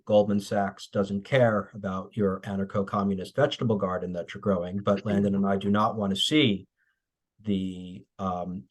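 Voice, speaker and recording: Low, flat-voiced man. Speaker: author discussing his book. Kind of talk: academic conversation.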